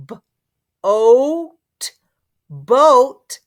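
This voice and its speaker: A woman teaching a phonics lesson to young children, sounding out words slowly and encouraging them. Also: mid-range voice, lively intonation.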